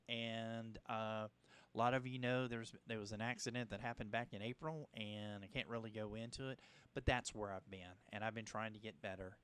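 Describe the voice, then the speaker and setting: A man from Louisiana, hosting a radio interview in a halting, rambling way. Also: mid-range voice, a bit bright, clean tone. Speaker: host. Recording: radio broadcast.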